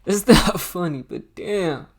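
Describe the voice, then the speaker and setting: A man's voice: high voice, slow, crowd noise. A man hosting a live call-in stream, reacting in slangy, casual talk and laughing easily. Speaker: streamer host.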